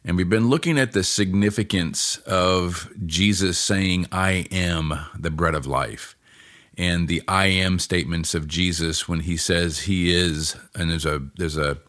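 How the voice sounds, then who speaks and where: A man's voice: sits low, steady tone, measured pace, few pauses, fairly bright tone. A man hosting a Bible podcast, explaining scripture in an earnest, conversational teaching style and reading passages aloud.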